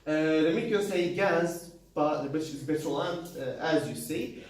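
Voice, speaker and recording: A man giving a university class presentation, halting, with many fillers, restarts and non-native grammar. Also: on the high side, far from the mic. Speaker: student presenter. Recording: very echoey room, voice from afar, faint noise.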